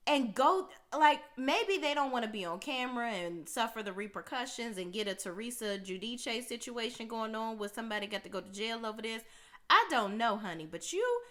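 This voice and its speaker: A woman's voice: a little high, fairly bright tone. A woman hosting a casual reality TV recap, sassy and gossipy, full of asides.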